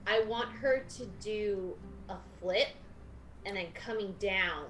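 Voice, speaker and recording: A woman playing a tabletop game, eager and lively. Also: medium pitch, slow pace, slight background noise, low-quality recording. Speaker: player. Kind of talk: in-character game talk.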